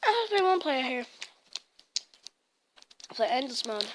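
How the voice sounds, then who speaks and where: A woman giving casual gameplay commentary in an excitable way, blurting out mild swears as she plays. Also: high voice, takes it slowly, long pauses, background noise. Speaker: gaming channel host. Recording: loud game music over the voice.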